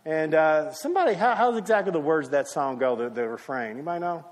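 A man's voice: a little high, expressive, fast talker. A male pastor preaching a sermon, telling a story and acting out the quotes. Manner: storytelling with acted quotes and brief singing. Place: church sanctuary. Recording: long hall reverb from a church.

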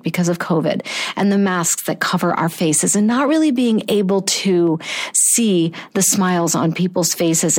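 A middle-aged woman telling a personal story in an earnest, heartfelt way, often restarting her sentences. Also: medium pitch. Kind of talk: personal anecdote, reflective storytelling.

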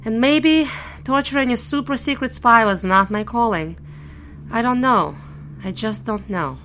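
A woman's voice: fairly high pitch, lively intonation, a little slow, fairly bright tone, slight background noise. A young woman narrating a first-person audio drama in a nervous, wry, self-mocking way. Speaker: narrator and lead character.

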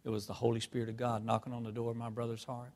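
A man preaching a sermon, telling personal stories with emotion, swinging from hushed tones to loud outbursts. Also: medium pitch, monotone, racing. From North Carolina. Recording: long hall reverb.

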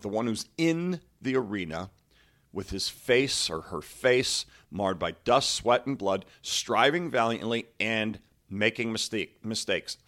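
A man who coaches basketball, hosting a motivational podcast in an earnest, conversational way, slowing down to stress the lines he quotes. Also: on the low side, fairly bright tone. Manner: conversational, asks listeners "okay?" and "right?".

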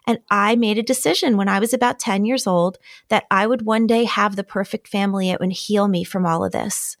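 A woman's voice: medium pitch, steady tone, brisk, dry recording, clean studio sound. Earnest middle-aged woman telling her story. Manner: earnest, candid and emotionally open. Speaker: podcast guest. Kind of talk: personal storytelling in conversation.

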